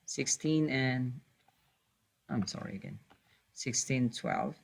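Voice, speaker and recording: Slow, hesitant male math teacher. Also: medium pitch, huge pitch swings, gravelly, husky. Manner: hesitant, many fillers and self-corrections; patient, repeats key points. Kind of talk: recorded math lesson.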